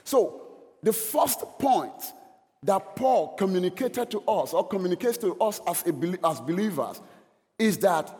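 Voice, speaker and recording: A man's voice: high voice, expressive, measured pace, warm tone, big-room sound. A male preacher giving a sermon in an earnest, stop-start way, with frequent restarts.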